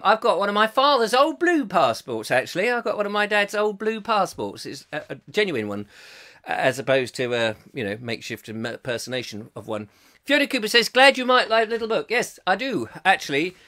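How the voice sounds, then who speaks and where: Lively jokey chat-show host, man. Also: fairly high pitch. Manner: rambling, jokey, self-mocking asides. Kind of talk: live comic chat show, reading viewer comments.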